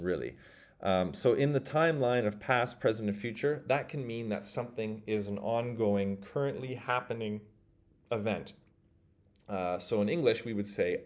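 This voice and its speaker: A man teaching a language lesson, explaining grammar patiently and slowly with frequent fillers like "uh" and "um". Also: fairly low pitch, a little mellow.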